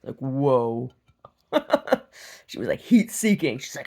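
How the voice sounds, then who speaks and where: Speaking slowly in a bass voice, a young adult woman vlogger rants through a story in a casual, animated way, laughing as she swings from loud outbursts down to hushed asides.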